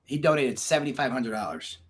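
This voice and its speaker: A man guest on a podcast, telling stories in casual chat, animated, laughing often and swearing freely. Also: mid-range voice, brisk. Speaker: podcast guest, documentary filmmaker.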